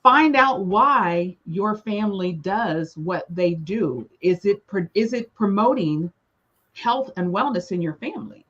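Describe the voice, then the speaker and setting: A woman tells family stories in a casual, animated way, slipping into the voices of relatives as she goes. Her pitch sits in a middle range. The recording sounds a little dull and lo-fi. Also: a little slow. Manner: lively storyteller who acts out family members' lines. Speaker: panelist sharing her experience. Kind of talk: casual storytelling chat.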